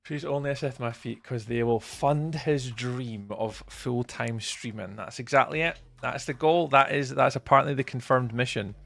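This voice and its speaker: A man's voice: medium pitch, moderate pace, vocal fry, hardly any pauses, fairly bright tone. A man streaming a game, chatting casually with his viewers while he plays. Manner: chatty, talks to chat while playing. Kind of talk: casual live-stream chat.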